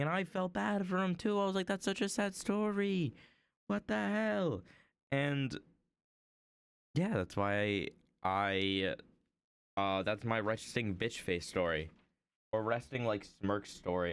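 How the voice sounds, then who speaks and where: A man's voice: lowish voice, a bit bright, clean tone. A young man telling a long story on a casual stream, rambling with many fillers as he draws. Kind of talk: casual storytelling while drawing.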